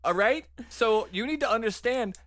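A man doing a pushy Brooklyn tough guy with a put-on New York accent. The voice sits higher than his own and swings up and down a lot, and he insists on how things are done where he's from. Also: animated, moderate pace, fairly bright tone. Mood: brash. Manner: pushy, mock-apologetic.

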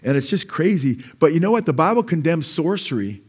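A man's voice: a little high, sing-song, a little fast, a little mellow, breathy edge. Conversational man preaching a sermon. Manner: conversational, with quoted asides and frequent "amen". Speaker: pastor. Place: church.

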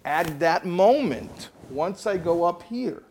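A man giving an animated lecture, telling stories and asking rhetorical questions. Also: sits high, takes it slowly, slight background noise. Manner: storytelling with rhetorical questions and acted-out dialogue.

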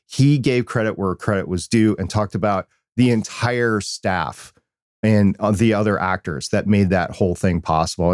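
A man co-hosting a geek podcast, reflecting in a relaxed, casual way. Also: lowish voice, no echo, studio quality. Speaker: podcast co-host. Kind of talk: casual chat.

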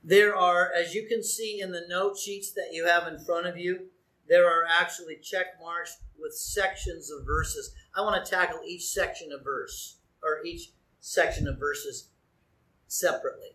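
Male pastor, animated sermon, echoey sanctuary sound. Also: high-pitched, unhurried. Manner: animated preaching with rhetorical questions to the congregation. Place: church sanctuary. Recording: echoey church room.

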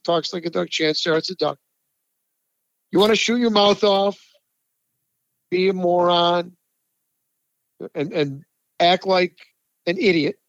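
A man from the New York area co-hosts a sports talk show, ranting hard and swearing freely. His voice sits high for a man. The recording is dry and a little muffled. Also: no echo. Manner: ranting, profane, emphatic, heated. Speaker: sports talk podcast co-host. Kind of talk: heated sports talk chat.

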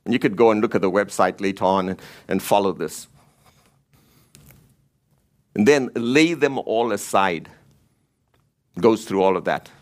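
A man's voice: lowish voice, unhurried, long pauses. A man teaching the Bible in a church, emphatic and repeating key words, often rising when he stresses a point.

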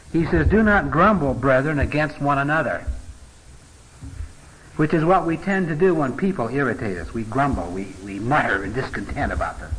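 A man's voice: a little high, a bit bright, slight background noise, low-quality recording. A middle-aged man teaching a Bible passage in a folksy, conversational way, with joking asides and filler words.

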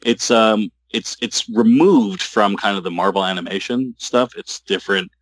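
A man talking as an interview guest about his comic work, halting and rambling with many restarts. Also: lowish voice, a bit bright, dry recording. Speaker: comic book writer guest. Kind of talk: casual interview talk.

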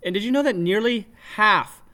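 A man hosting a podcast, telling a story in a casual, animated way, laughing often and acting out his own shouts. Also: high-pitched, moderate pace. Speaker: podcast host.

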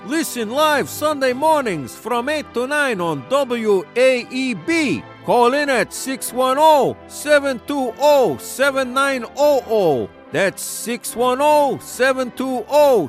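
Jovial burly russian guy, russian accent, bouncy high voice, comedy radio promo, light music behind. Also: animated, takes it slowly, few pauses, heavily acted. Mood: pitching. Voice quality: broken-English swagger. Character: burly boastful Russian man, jovial and blunt. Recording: faint music bed.

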